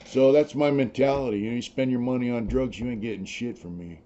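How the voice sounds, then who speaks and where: A man's voice: mid-range voice, fast, few pauses, dark tone, lo-fi sound. A man telling prison stories in a blunt, rambling, profane way, full of fillers. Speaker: podcast storyteller, former prisoner. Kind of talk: casual prison storytelling.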